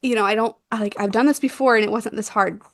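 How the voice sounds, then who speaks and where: A young woman telling a birth story in a casual chat, animated and quick to laugh, acting out what was said. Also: a little high, no echo, clean studio sound. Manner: animated, laughs often, acts out quotes. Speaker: guest, doula.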